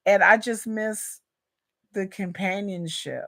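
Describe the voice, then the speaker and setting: A woman's voice: mid-range voice, takes it slowly, creaky, fairly bright tone, dry recording, clean studio sound. A woman hosting a live reaction stream, speaking frankly and chattily to her viewers about her love life, often repeating herself and calling them "y'all.". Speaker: YouTube reaction host. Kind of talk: candid personal rant.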